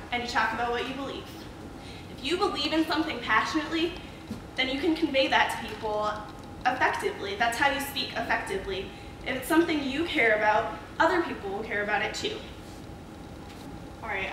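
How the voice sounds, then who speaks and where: A young woman delivers a speech to a classroom, with a fairly high voice and a lively way of pressing her audience with questions. She sounds far from the mic, and her voice echoes heavily around the room over a steady background hiss. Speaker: student speaker.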